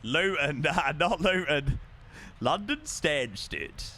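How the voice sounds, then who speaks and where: A man streaming live, chatting casually and excitably with his viewers and swearing now and then. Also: on the high side, slow pace, slight background noise. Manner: excitable, swears, talks to chat.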